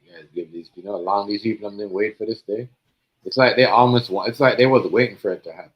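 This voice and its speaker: Male stream host, casual slang, repeats his points, muffled low-fi audio. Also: fairly even intonation, fast. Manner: emphatic, repetitive street slang. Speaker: livestream host. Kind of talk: casual commentary chat.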